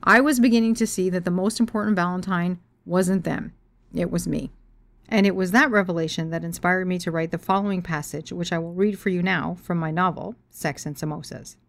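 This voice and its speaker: A woman author reads aloud from her own memoir and novel, frank and expressive and cursing freely. Her voice sits a little low, recorded dry and close. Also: a little fast, gravelly, no echo. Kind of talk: storytelling reading of memoir and novel.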